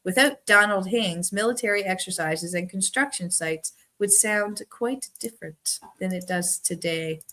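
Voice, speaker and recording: A woman's voice: mid-range voice, measured pace, hardly any pauses, bright, forceful tone. A woman from Newfoundland with a Newfoundland accent, hosting a casual live-stream trivia game, chatty and giggly, reading viewers' answers aloud and teasing them by name. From Newfoundland, Canada.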